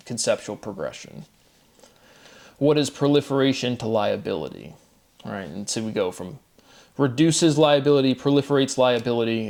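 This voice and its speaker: A man giving a solo monologue of word derivations, methodical and repetitive, his voice dropping quietly at the end of each set phrase. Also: medium pitch. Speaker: host. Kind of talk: solo recorded commentary.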